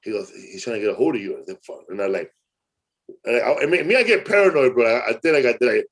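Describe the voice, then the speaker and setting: A man's voice: mid-range voice, sing-song, fast, slightly rough. A middle-aged man hosting a podcast, telling rambling stories in a loose, slangy way full of "bro" and "man". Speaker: podcast host. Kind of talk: casual storytelling chat.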